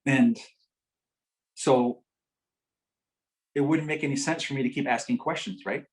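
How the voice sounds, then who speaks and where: At a community health forum, a middle-aged man of medium pitch tells a patient story at a measured pace, swinging lively between loud emphasis and hushed, gentle quotes. The recording is rough.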